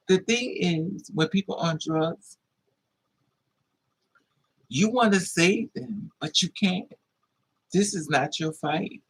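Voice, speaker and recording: Husky, gravelly man telling a raw story. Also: on the high side, a bit bright, poor audio. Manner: blunt, profane, emotional storytelling. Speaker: livestream host. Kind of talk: casual storytelling to live viewers.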